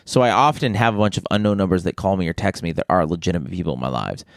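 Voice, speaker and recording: A man's voice: low voice, rapid-fire, vocal fry, no echo, studio quality. A man co-hosting a podcast, telling a rambling story in casual chat with lots of restarts and fillers. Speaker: podcast co-host.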